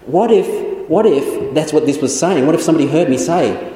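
A man's voice: fairly high pitch, lively intonation, normal speed, mellow. An Australian man preaching a sermon as pastor, earnest and questioning, often repeating his key phrases. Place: church hall. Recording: echoey hall with long reverb.

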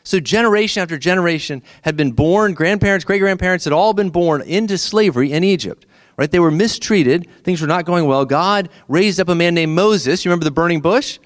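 A man's voice: high voice, brisk. A middle-aged man, preaching a sermon in a conversational way and asking the listeners questions. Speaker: pastor.

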